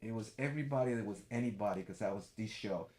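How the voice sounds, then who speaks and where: An older man, a guest, telling lively stories about his dancing days and acting out every quote. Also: fast. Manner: lively storyteller who acts out quotes with big pitch jumps. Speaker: guest, former TV dancer and host. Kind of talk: animated storytelling.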